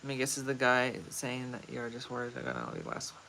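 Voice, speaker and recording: A man casually hosting a livestream, talking straight to his viewers in a playful, rambling way. His voice is bright and forward. He sits in a middle range of pitch. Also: sing-song, fast talker, gravelly, slight background noise. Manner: chatty, playful, talks to chat directly. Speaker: livestream host.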